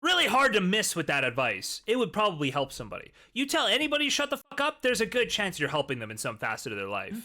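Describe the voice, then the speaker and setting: Bright lively guy on a headset, laid back and amused, chatting on stream. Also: high-pitched, fast talker, hardly any pauses. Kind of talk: casual stream chat. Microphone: headphones with mic.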